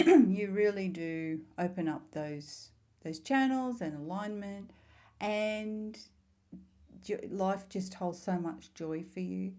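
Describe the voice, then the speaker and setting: A middle-aged woman with a soft, mellow tone speaks casually to camera about spiritual growth. Her delivery is heartfelt and meandering, full of asides. Her pitch sits in an ordinary middle range for a woman. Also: slow pace. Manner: heartfelt, rambling storytelling with warm asides. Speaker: spiritual vlogger.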